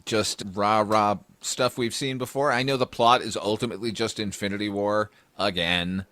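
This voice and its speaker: A man's voice: on the low side, steady tone, moderate pace, a bit bright, no echo. A man hosting a casual chat, blunt and opinionated, who swears freely. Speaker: podcast host.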